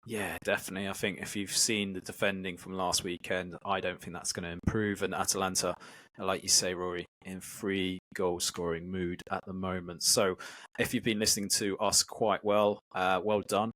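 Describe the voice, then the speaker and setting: A man's voice: sits low, little pitch movement, normal speed, a bit bright. A man co-hosting a football podcast, easygoing in casual chat and reading out the fixtures. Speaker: podcast co-host.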